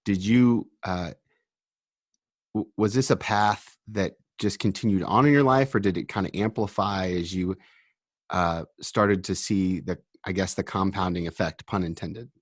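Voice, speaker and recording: Male host, fairly low, dry close sound, jokey interviewer. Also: a little slow, no room sound. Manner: playful, joking questions. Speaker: podcast host. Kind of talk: casual interview chat.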